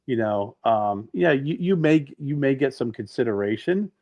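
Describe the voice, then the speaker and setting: A middle-aged man co-hosting a podcast in casual chat, telling rambling, animated stories with many restarts. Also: mid-range voice, normal speed, highs cut off. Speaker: podcast co-host.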